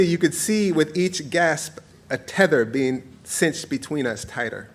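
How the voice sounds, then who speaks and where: A man in his forties reading his own essay aloud to an audience, with playful, warm storytelling and frequent laughter. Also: fairly high pitch, lively intonation, unhurried, hardly any pauses, slight background noise. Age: 40s. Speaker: author.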